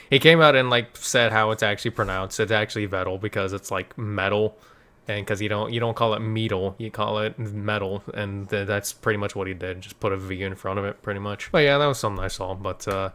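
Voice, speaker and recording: A man's voice: lowish voice, fairly bright tone, clear, resonant tone. A man hosting a reaction video, rambling casually and laughing often, a little stuffy from allergies.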